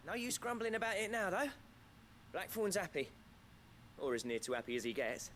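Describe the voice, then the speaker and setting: A man's voice: high voice, very animated, normal speed, a bit bright, a little hiss or hum. An actor playing an easygoing, plain-spoken male villager in a video game.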